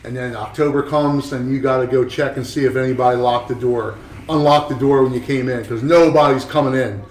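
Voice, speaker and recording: A man's voice: medium pitch, fairly even intonation, fairly quick, a little mellow, echoey room, recorded from a distance, a little hiss or hum, natural voice, low-quality recording. A man voicing a blunt veteran male tattooer who swears freely and lectures a younger artist. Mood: lecturing. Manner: profane, bossy and lecturing.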